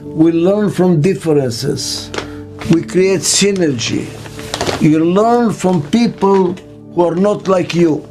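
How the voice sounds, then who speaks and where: An older man giving an interview as a business consultant, speaking slowly and emphatically and repeating key words for stress. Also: sits high. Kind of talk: reflective interview monologue. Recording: faint music underneath.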